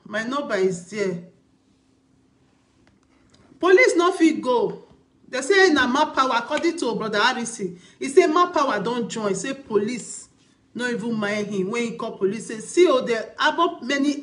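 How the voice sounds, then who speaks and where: A woman's voice: on the high side, moderate pace, fairly bright tone. A woman vlogger with a Nigerian Pidgin accent, giving casual commentary on a video in an emphatic, repetitive way with rhetorical questions.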